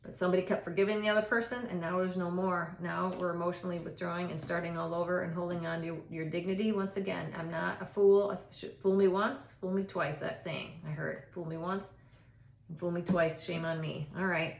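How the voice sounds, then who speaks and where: A woman's voice: lowish voice, fairly even intonation, a little fast, creaky, slight background noise. A middle-aged woman doing a casual tarot reading, chatty and reassuring, thinking aloud with frequent restarts. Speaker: tarot reader. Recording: echoey room.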